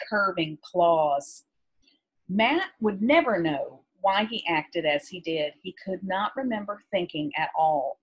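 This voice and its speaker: A woman teacher reading a novel aloud to her class in a measured, expressive way, with brief asides to her students. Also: on the low side, slightly rough, rough recording.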